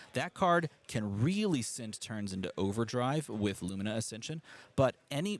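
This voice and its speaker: A man doing live play-by-play commentary on a card game tournament, chatty and analytical, talking to the stream chat and laughing easily. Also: on the low side.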